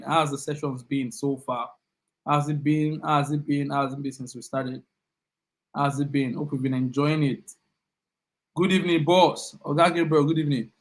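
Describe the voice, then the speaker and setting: A young man with a Nigerian accent runs a live online class, upbeat and chatty. He keeps repeating his words as he greets students one by one. His voice sits a little higher than most men's. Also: poor audio.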